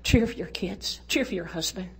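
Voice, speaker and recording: A woman's voice: medium pitch, moderate pace, husky. An older woman giving a folksy, exuberant testimony talk at a church women's event, urging and cheering her listeners on. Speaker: women's conference speaker.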